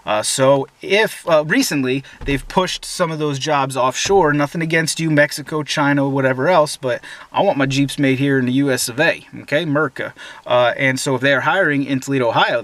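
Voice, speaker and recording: A man's voice: mid-range voice, a bit bright. Opinionated young man talking cars. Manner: opinionated, joking, many fillers. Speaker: host. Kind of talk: casual automotive Q&A. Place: inside a parked SUV.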